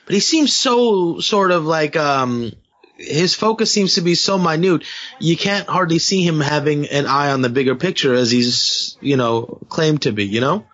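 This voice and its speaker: A man's voice: fairly high pitch, normal speed, a bit bright. A man co-hosting a podcast in casual chat, talking hesitantly with many fillers. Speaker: podcast co-host. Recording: dull lo-fi podcast audio.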